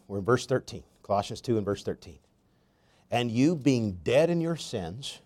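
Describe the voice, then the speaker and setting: A pastor preaching a sermon with slow, emphatic stresses and storytelling asides, a man. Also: mid-range voice, a little mellow.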